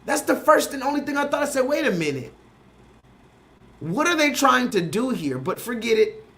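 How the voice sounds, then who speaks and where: A man hosting a casual livestream, ranting with quick asides. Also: very high-pitched. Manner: animated, rant-like, quick asides; mocking put-on voices when quoting films. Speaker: host.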